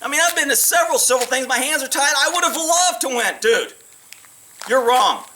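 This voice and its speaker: A middle-aged man, a police officer, telling stories in a blunt, profane, animated way. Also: very high-pitched, recorded from a distance, slight background noise. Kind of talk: casual storytelling monologue.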